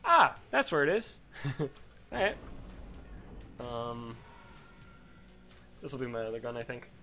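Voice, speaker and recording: A young man hosting a let's play, rambling through casual gameplay commentary, swearing freely with excitable bursts. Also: mid-range voice, slow pace, faint music behind.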